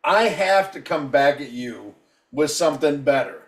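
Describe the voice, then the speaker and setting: A high-voiced man about to turn fifty-one tears into a heated, foul-mouthed rant on a casual podcast. He sounds a little distant from the mic, and the room rings with a clear echo around him. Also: lively intonation, unhurried. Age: 50s. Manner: profane, combative, heated ranting. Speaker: podcast co-host.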